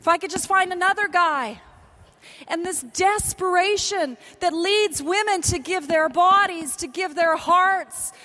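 A Canadian woman preaching a sermon to women, with dramatic pauses and drops to a hush on key words. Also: very high-pitched. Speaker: conference speaker.

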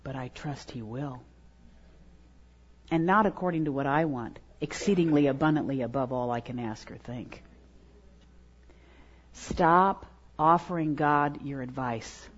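A middle-aged woman preaching a sermon to women, swinging between loud emphatic lines and hushed, prayerful ones. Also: very deep voice, a little slow, long pauses, breathy edge. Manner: preaching with strong rises and hushed prayerful drops. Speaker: speaker at a women's gathering. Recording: dull lo-fi recording.

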